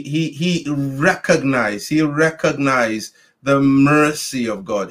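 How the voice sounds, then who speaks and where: A man's voice: medium pitch, fairly bright tone. A man preaching and leading prayer, exhorting listeners in a repetitive, rhythmic cadence. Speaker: pastor leading an online prayer meeting. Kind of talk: sermon with prayer.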